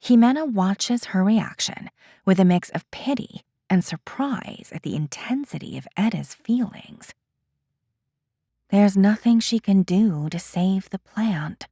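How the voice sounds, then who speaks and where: A woman narrating an audiobook in a measured, expressive storytelling manner. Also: mid-range voice, no echo, clean studio sound.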